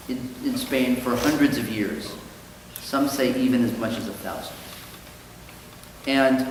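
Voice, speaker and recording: A man's voice: mid-range voice, a little hiss or hum. Male rabbi teacher, chatty lecture, very reverberant hall. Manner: conversational, explanatory, with ums. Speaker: rabbi teaching a study class. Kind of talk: lecture with storytelling. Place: synagogue hall. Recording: echoey hall with long reverb.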